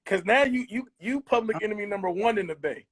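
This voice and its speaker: High-voiced male co-host, halting questions. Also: a bit bright, husky. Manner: hesitant, repeating words. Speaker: podcast co-host. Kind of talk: casual interview chat.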